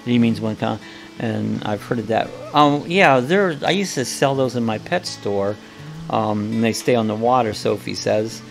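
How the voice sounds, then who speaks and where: A man's voice: fairly low pitch, normal speed, creaky, soft background music. A man hosting a casual live coffee chat, talking in a rambling, folksy way with lots of fillers and restarts.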